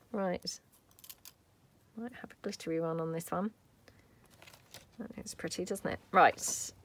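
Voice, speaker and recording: A woman's voice: on the low side, a little slow, pauses often, very noisy. A woman hosting a crafting tutorial, chatting casually and thinking aloud as she works at a craft table. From United Kingdom. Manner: chatty, thinking aloud while working, soft asides. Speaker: craft video host.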